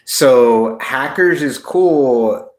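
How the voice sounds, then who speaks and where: A man hosting a casual livestream, rambling and excitable, swearing freely. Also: mid-range voice, extremely slow, echoey room. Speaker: livestream host.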